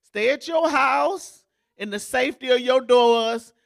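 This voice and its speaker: A woman's voice: sits high, a little slow, creaky. A woman pastor giving a sermon in a folksy, joking, conversational way, as if in a church.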